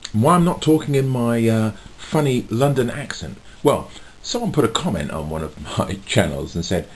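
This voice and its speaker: A man chats to his camera in a rambling, low-pitched voice that rises and falls a lot. He keeps stopping for fillers and little chuckles, with a faint hum of noise behind him. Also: gravelly. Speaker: vlogger and street musician. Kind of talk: casual chat to camera.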